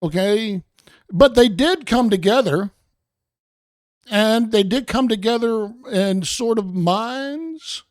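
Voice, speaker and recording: A man's voice: sits high, slow, no room sound, clean studio sound. A man hosting a show with rambling, sarcastic commentary, meandering and talking to his chat. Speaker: show host.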